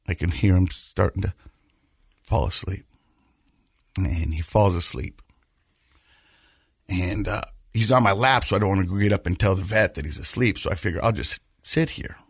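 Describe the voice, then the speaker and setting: Husky-voiced man telling a story haltingly. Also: sits low, no room sound, studio quality. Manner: halting, repeats words while telling, laughs through lighter moments. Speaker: podcast host. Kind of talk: personal storytelling in casual chat.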